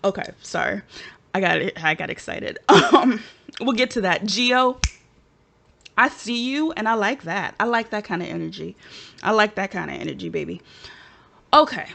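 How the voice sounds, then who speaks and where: A woman's voice: medium pitch, moderate pace, gravelly, pauses often. A woman vlogger chatting casually and with sass to her viewers, giving her opinions straight to camera. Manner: animated, sassy, talks straight to viewers. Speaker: vlogger reviewing a reality show.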